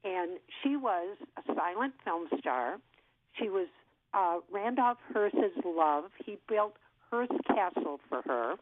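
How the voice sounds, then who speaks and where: A woman in her sixties, an actress, telling an animated story in an interview and acting out what people said. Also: on the low side, slow, dry recording. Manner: lively storyteller who acts out what people said. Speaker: actress guest. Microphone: telephone. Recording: tinny phone line.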